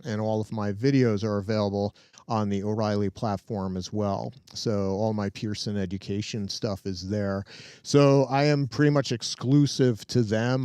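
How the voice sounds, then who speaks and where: Upbeat man demoing tech, crisp dry voice. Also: mid-range voice, darkish tone, dry recording. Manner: chatty, upbeat, talks to viewers while working. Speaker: host and tech trainer. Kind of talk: casual live-stream tech demo. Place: home tech lab.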